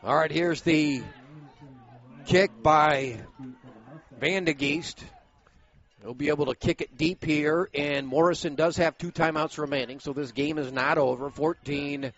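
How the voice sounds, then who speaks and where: A man calling high school football play-by-play, brisk and steady, bursting into shouts on big plays. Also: dull audio. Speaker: play-by-play announcer.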